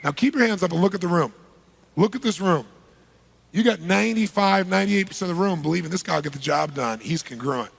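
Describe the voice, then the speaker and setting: Raspy gravelly guy fired up on stage, quick questions to a huge crowd. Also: high-pitched. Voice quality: gravelly, husky. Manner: energetic, punchy, polls the crowd with quick questions. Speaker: seminar speaker. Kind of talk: live seminar talk to a large audience. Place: large seminar hall with a live audience.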